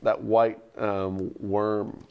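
A man on a casual studio panel chat, dropping dry, deadpan one-liners. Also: lowish voice, extremely slow, clear, resonant tone, dull audio. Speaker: panel guest.

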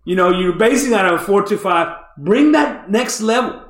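A man co-hosting a casual sports podcast, talking in an animated, emphatic way and laughing often. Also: high-pitched, moderate pace, echoey room.

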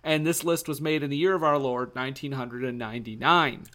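A man's voice: medium pitch, steady tone, brisk, sharp tone. A man co-hosting a comedy podcast, teasing his partner and laughing easily. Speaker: podcast co-host. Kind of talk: casual comedic chat.

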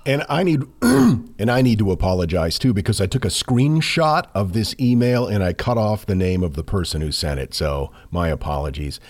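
Deep, lively man podcast co-host. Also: moderate pace. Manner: lively, playful, laughs often. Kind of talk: reading listener mail aloud.

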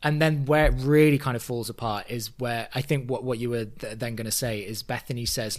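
A man co-hosting a podcast, chatting casually and telling stories with lively acted-out quotes. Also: medium pitch, brisk, hardly any pauses. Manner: lively storyteller who acts out quotes. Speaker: podcast co-host. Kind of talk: casual chat.

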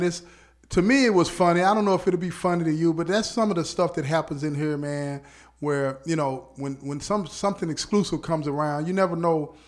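Animated man spinning a casual story. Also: on the high side. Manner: animated, laughs often, peppers speech with "you know what I'm saying". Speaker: podcast host.

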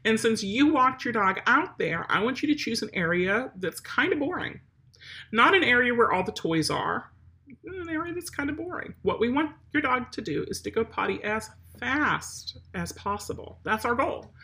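A woman's voice: on the high side, very animated, moderate pace, sharp tone. A woman dog trainer giving direct, chatty instructions on potty training a dog, talking straight to the viewer. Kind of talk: instructional talk.

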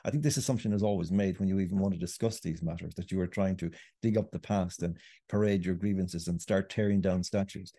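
Deep-voiced Irish man arguing earnestly. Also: steady tone, fast, mellow, dry recording, clean studio sound. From Ireland. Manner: earnest, argumentative monologue. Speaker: guest writer. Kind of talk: podcast interview.

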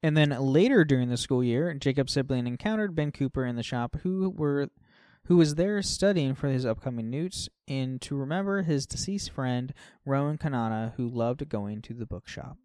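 Clean studio audio without room sound captures this podcast co-host, a man with a medium-pitched, animated voice speaking at normal speed. He chats casually about a game, sprinkling in "like" and letting his words trail off softly.

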